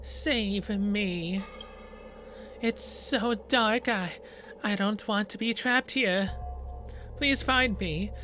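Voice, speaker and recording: A man reading aloud the lines of a trapped ghost begging to be found, slow and drawn out. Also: sits high, sharp tone, exaggerated voice. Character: trapped pleading ghost, unseen.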